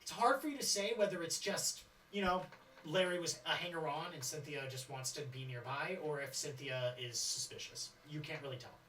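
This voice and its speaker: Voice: mid-range voice, fairly quick, pushed and bright, slight background noise. A game master narrating a tabletop game and calling for dice rolls. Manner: rambling, calls for dice rolls. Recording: roomy, distant mic.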